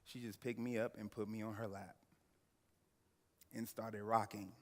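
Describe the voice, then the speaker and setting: Man in his thirties, earnest storyteller, slow emphatic phrasing, lowish voice, long hall reverb. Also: level tone. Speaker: attorney and guest speaker. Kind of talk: personal story speech.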